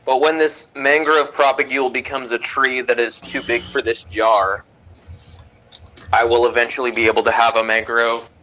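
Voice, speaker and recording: Casual male hobbyist, bright tone, hesitant and rambling. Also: mid-range voice, level tone, moderate pace, slight background noise, low-quality recording. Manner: rambling, hesitant, with fillers and laughs. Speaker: aquarium hobbyist guest. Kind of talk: casual livestream chat.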